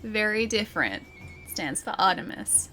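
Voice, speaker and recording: A woman's voice: medium pitch, very animated, normal speed, pushed and bright, faint music behind. A young woman live-streaming a game, chatting with her viewers in a giggly, teasing way. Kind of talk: live-streamed gameplay chat.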